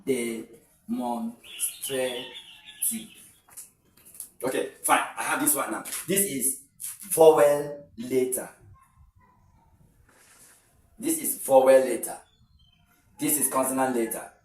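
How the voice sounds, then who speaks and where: Male English teacher, exam-prep pronunciation lesson; drawn-out repeated words, lots of ums; roomy sound, mic set back from him. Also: medium pitch, darkish tone. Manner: repeats words slowly, with frequent hesitant fillers. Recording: roomy sound from a distant mic with faint noise.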